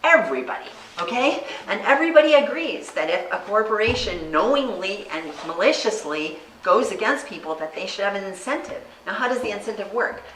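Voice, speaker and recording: American woman candidate, bright voice, earnest stump speech, heard from a distance in an echoey room. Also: mid-range voice, expressive, fairly quick, few pauses, a little hiss or hum. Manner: earnest, storytelling, acts out quoted people. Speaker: congressional candidate.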